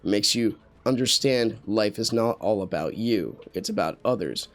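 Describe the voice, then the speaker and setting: Earnest, rambling man, lowish voice. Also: lively intonation, moderate pace. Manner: rambling, self-correcting, earnest talk with many fillers. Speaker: gameplay commentator. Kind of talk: casual commentary while playing a game. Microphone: USB studio microphone.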